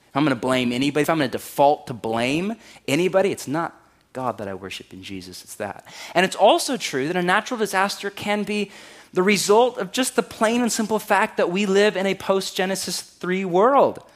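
A man, preaching a conversational sermon in a wry, animated way and raising his voice to act out quotes. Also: a little high, a little fast. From California. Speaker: pastor.

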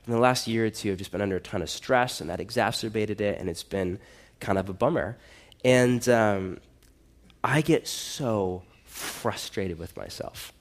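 A man's voice: fairly low pitch, normal speed. A man preaching a sermon in a church, earnest and conversational, building to emphatic exhortations. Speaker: pastor.

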